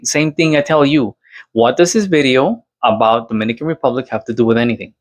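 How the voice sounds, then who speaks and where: A man's voice: mid-range voice, fast talker. A man hosting his own channel, ranting to camera in a casual, exasperated way and firing off rhetorical questions. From Latin America. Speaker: channel host responding to another creator.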